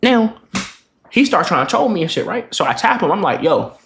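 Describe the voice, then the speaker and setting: A young man telling a casual story-time vlog, animated and profane, acting out the voices of the people in his story. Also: sits high, moderate pace, creaky, a little hiss or hum. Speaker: vlogger.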